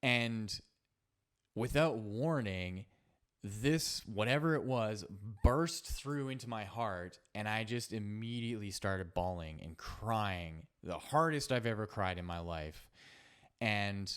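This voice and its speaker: A man hosting a solo podcast, telling a personal story in a reflective, halting way with many fillers and restarts. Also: on the low side, expressive, fairly bright tone, clear, resonant tone. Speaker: podcast host.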